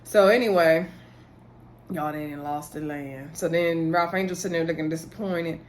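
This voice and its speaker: A woman casually recapping a TV episode, telling the story in an animated way, acting out what people said and laughing often. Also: low-pitched, moderate pace, slight background noise. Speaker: recap host.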